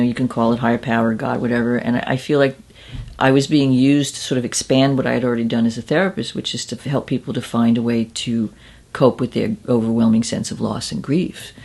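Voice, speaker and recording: Gravelly-voiced woman telling her story. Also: a bass voice, a little mellow. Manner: candid, self-deprecating, conversational. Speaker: psychic medium. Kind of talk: interview storytelling.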